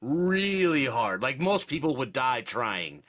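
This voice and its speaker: A man's voice: medium pitch, big pitch swings, slow pace, fairly bright tone. A man co-hosting a podcast, talking casually about a movie in a rambling way, full of fillers. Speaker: podcast co-host. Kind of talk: casual movie review chat.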